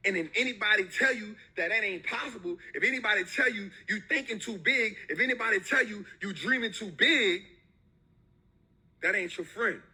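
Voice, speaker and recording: Brisk and barely pausing, a man gives a motivational talk in a very bright, fairly high voice with a husky grain. Repetition and forceful street slang carry his message.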